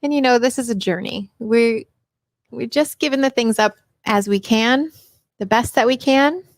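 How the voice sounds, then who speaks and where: A woman's voice: fairly high pitch, moderate pace, no echo, clean studio sound. Chatty upbeat woman hosting a live stream. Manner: chatty and upbeat, greets viewers by name. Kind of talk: casual live Q&A chat. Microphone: personal microphone.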